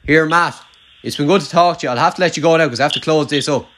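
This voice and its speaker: Fast-talking young rural Irish man. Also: fairly high pitch, fairly bright tone, a little hiss or hum. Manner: chatty, rambling, heavy use of "like". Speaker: podcast host. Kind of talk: casual chat.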